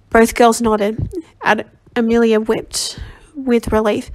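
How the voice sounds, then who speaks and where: A woman reads a novel aloud as a volunteer, her voice sitting a little high for a woman. She is slightly under the weather, and she often stumbles and goes back to fix a word. It is a plain amateur reading. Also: steady tone. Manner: halting reading with frequent self-corrections. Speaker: volunteer audiobook reader.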